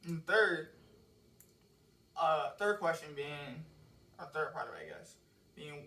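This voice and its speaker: A man's voice: a little high, lively intonation, takes it slowly, long pauses, bright, forceful tone. Man, casual lyric breakdown, rambling, cursing, sits back from the mic, echoey room. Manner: loose, rambling, curses freely. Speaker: songwriter explaining his lyrics. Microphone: cheap microphone with laptop and phone. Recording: roomy echo, mic set far off.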